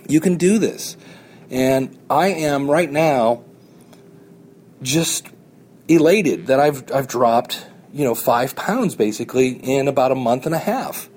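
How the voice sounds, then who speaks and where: A man's voice: on the high side, darkish tone, a little hiss or hum. Earnest encouraging male podcast host. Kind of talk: motivational monologue.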